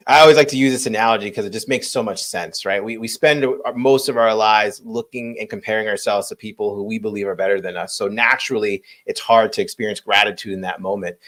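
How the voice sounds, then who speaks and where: A man's voice: medium pitch, a bit bright. A man hosting a podcast, speaking in a reflective, earnest way and often checking in with "right?". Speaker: podcast host. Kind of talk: casual podcast conversation. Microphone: remote video call.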